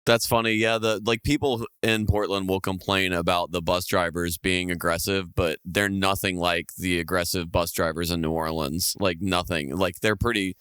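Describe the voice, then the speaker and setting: Low, smooth laid-back podcast guy. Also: steady tone, moderate pace, hardly any pauses, a bit bright, dry recording, studio quality. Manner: laid-back, laughs often while storytelling. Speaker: podcast co-host. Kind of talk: casual podcast chat.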